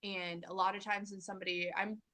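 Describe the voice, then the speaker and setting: A woman's voice: medium pitch, flat delivery, a little fast, sharp tone. A woman hosting a parenting channel, talking earnestly to camera in a casual motivational style and acting out her own inner dialogue.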